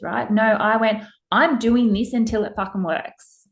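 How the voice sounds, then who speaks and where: A woman's voice: mid-range voice, a little slow, gravelly, dull audio. Emphatic, blunt woman podcast host. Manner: emphatic, blunt, swears casually. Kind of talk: casual monologue.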